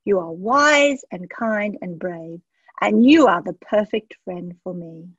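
A woman voicing a timid, lonely and gentle male dragon in a children's storybook, speaking slowly and softly. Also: on the low side, lively intonation, slightly rough, no echo, full character voice. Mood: tender. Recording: dull lo-fi dry sound.

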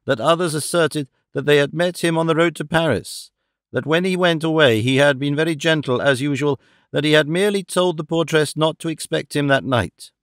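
A man narrating a classic novel as an audiobook in a measured, expressive reading. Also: a little high, no echo, clean studio sound. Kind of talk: scripted narration.

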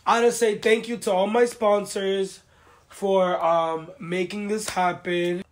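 A woman hosting a casual chat show, venting emotionally and repeating phrases for emphasis. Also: lowish voice. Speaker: podcast host.

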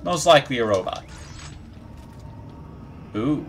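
A man giving gameplay commentary, talking back to game characters in an animated way. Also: medium pitch, moderate pace, pauses often, a little hiss or hum. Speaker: gaming YouTuber.

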